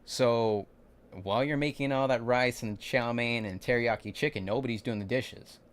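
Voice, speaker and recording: A man's voice: mid-range voice, normal speed, smooth. A young man telling a long, rambling story from his work shift in a casual livestream, acting out what people said and often restarting his sentences. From California. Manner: rambling, animated retelling with acted-out quotes and frequent restarts. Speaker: vlogger recounting a work shift.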